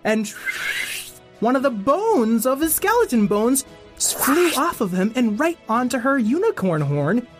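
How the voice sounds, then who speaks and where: A man hosting and improvising a children's story, playful and expressive, asking his young co-teller questions. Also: very high voice, normal speed, faint music behind. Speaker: host and storyteller.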